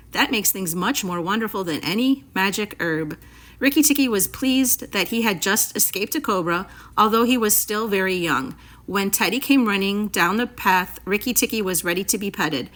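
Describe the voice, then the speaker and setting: A woman reading a classic story aloud for students in a clear, expressive, measured way. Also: mid-range voice.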